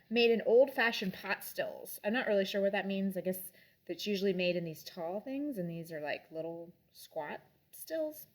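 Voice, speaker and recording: A young adult woman in casual chat, reviewing drinks and books in a rambling way with lots of fillers. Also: medium pitch.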